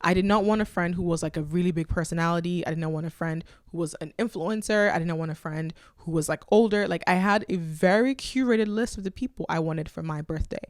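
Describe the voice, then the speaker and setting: A woman hosting a podcast, giving blunt, animated advice in a casual chat and reading listener letters aloud. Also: on the low side, quick pace, few pauses, no echo, clean studio sound. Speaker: podcast host.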